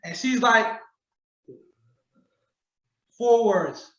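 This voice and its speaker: Male podcast host, high-pitched, slangy and animated, recorded distant in an echoey room over a video call. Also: moderate pace, dull audio. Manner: animated storytelling, acts out quotes, profane slang. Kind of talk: casual podcast commentary.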